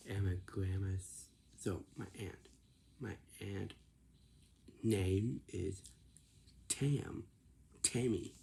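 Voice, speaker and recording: A man's voice: low voice, vocal fry, mellow, slight background noise. A man telling a casual, rambling story, often stopping to repeat and correct himself.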